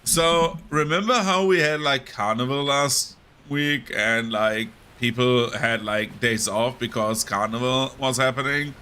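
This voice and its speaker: A man chatting loosely to his stream audience while he plays, his voice nasal and a bit rough because he is sick. His tone is bright and forward, at a middle pitch for a man. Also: unhurried, few pauses. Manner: rambling and chatty, talking over gameplay. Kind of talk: casual live-stream chat while gaming.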